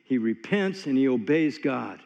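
A man's voice: mid-range voice, animated, a little slow, gravelly, a little mellow. A man preaching a sermon in a folksy, conversational way, telling stories with many asides. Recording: long hall reverb, dull lo-fi sound.

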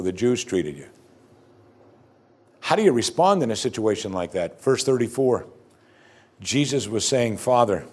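A pastor preaches a sermon in a medium-pitched, somewhat dark voice. He is earnest and emphatic, repeating key phrases and slipping into conversational asides between scripture readings.

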